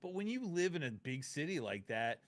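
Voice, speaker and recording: A man co-hosting a podcast, chatting casually and acting out quick quotes. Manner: laid-back, acts out quotes with lively pitch. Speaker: podcast co-host. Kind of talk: casual chat.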